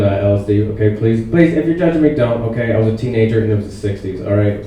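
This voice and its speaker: Young male stand-up comic, deadpan and self-mocking; roomy, distant hall sound. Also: medium pitch, background noise. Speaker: stand-up comedian. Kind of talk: stand-up set. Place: theatre stage with live audience.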